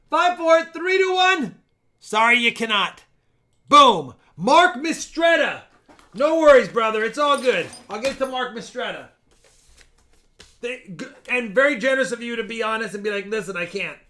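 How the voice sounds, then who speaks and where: A man hosting a casual live stream, joking with viewers and loudly counting down giveaways. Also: very high voice, animated, normal speed.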